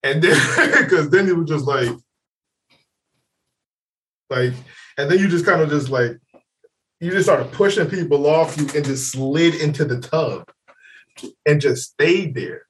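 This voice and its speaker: A man co-hosting a podcast, telling a story in casual chat, laughing often and loudly acting out what people said. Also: fairly high pitch, unhurried, pauses often, recorded from a distance. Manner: animated, laughing, acts out quotes loudly. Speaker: podcast co-host.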